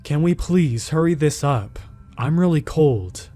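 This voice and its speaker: A man reading the part of a jittery young woman in a spoken horror story, complaining and uneasy. The voice stays low and mellow, with faint music underneath. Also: animated, unhurried. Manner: anxious, complaining. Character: frightened young woman friend.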